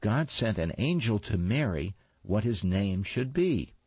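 A patient, weary mother from a storybook, read by a man. She explains things carefully in his low, husky register. The recording is slightly dull and dry. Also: big pitch swings, a little slow, a little mellow, dry recording, full character voice. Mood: explaining. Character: patient, tired mother directing a church pageant.

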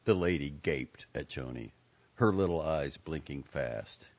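A man narrating a story in an expressive, character-driven way. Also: rumbling low, a little slow, lo-fi sound. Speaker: audiobook narrator.

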